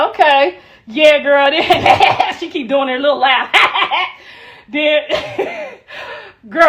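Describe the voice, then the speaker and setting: A woman's voice: sits high, fairly bright tone, low-quality recording. A middle-aged woman chatting casually on a livestream, laughing often, her voice worn out.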